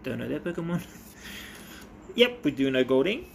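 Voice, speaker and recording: A man talking casually as a vlogger while opening trading cards, excitable and chatty with quick bursts of delight. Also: fairly high pitch, creaky, slight background noise. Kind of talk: casual chat.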